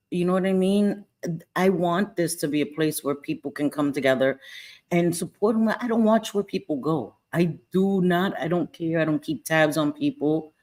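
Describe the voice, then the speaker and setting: A woman's voice: fairly low pitch, darkish tone. A woman hosting a live stream, reading the chat and talking casually, candid and emphatic, repeating her points and swearing freely. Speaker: livestream host reading chat.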